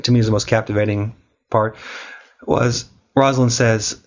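A man's voice: lowish voice, fairly even intonation, moderate pace, highs cut off. Man with a cold hosting a podcast. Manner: wry, joking delivery. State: has a cold. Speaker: podcast host. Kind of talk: casual chat and scripted recap.

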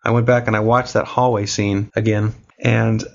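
A man's voice: lowish voice, little pitch movement, moderate pace, creaky, muffled recording. A man hosting a podcast who has a cold, reading a wry, joking episode recap and chatting casually with his co-hosts. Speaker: podcast host. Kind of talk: casual chat and scripted recap.

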